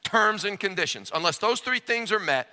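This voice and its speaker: A man preaching a sermon as pastor, animated and emphatic, acting out the voices he quotes. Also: high voice, normal speed, long reverb tail.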